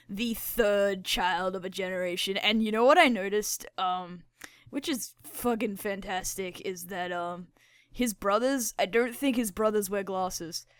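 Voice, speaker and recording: A woman's voice: medium pitch, clear, resonant tone, no room sound, clean studio sound. A woman hosting her own channel, giving rambling, profane, giggly casual commentary while she draws. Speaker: channel host.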